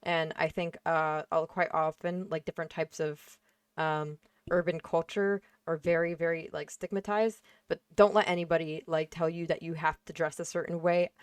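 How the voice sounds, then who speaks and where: Blunt young woman, lowish voice. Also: flat delivery, moderate pace, clean tone, no room sound. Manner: blunt, emphatic, swears freely, many fillers. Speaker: panelist. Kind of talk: casual panel discussion.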